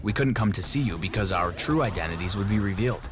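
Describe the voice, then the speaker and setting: A man voicing a calm father who is a secret agent in an animated story, explaining steadily. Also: on the low side, fast, over music, close to an everyday voice.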